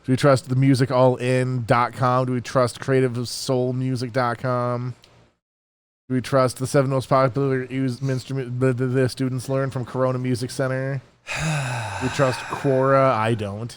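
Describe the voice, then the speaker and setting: A man's voice: mid-range voice, flat delivery. Playful male podcast co-host. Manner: playful, quick riffing. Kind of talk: casual chat.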